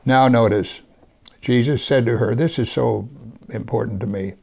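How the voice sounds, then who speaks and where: In a sermon, a man with a rough, creaky, medium-pitched voice speaks at normal speed, reading from scripture before offering his commentary. He occasionally lowers to a soft, hushed tone for emphasis.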